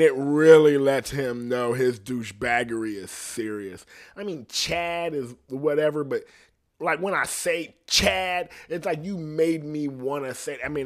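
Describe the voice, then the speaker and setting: Profane man ranting casually. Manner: profane, rambling, laughs often; drops to a low mutter at times. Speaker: podcast host. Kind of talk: casual comedic rant.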